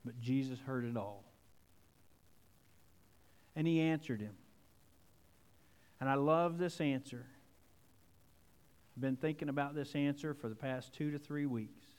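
A man preaching a sermon, swinging between hushed and emphatic delivery. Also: mid-range voice, measured pace, pauses often. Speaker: pastor. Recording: long hall reverb.

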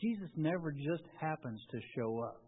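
A man's voice: a little high, animated, moderate pace, husky. A man preaching a sermon in a conversational way, often restarting his phrases. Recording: tinny, phone-like with long reverb.

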